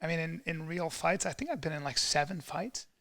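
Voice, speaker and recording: Guest comedian, male, high-pitched, excitable storyteller who swears freely. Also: a little fast. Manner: excitable, boastful, swears often. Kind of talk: animated storytelling chat.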